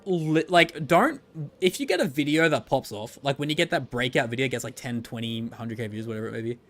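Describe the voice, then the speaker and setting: Animated, rambling male game streamer. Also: medium pitch, a little fast. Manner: rambling, joking, swears freely. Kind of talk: casual livestream commentary. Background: faint background music.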